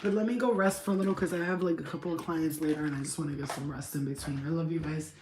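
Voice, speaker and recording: A woman's voice: low voice, fairly even intonation, fast, echoey room, background noise. A woman hosting a spiritual livestream, chatting candidly, swearing freely and answering viewer comments. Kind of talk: casual livestream chat.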